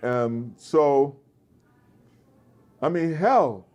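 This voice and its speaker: A man, an actor being interviewed, with a deep resonant voice, telling animated stories and slipping into voices. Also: extremely slow. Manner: animated storyteller, slips into voices. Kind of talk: casual interview chat. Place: festival convention floor.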